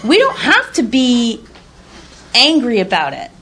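A woman's voice: fairly high pitch, huge pitch swings, unhurried, sharp tone. A woman sharing a candid personal testimony in a blunt, rambling way, casually swearing and telling her story with animation.

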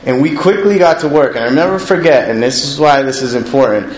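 A man's voice: medium pitch, brisk. A middle-aged man giving a candid, self-deprecating personal testimony about recovery, speaking plainly. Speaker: recovering alcoholic sharing his story. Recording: echoey room with faint ambient noise.

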